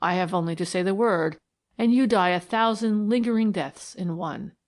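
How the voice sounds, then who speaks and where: A woman's voice: mid-range voice, normal speed, natural voice. A woman voicing a solemn, menacing male mystic, the last of his tribe, who speaks in a grave, prophetic manner.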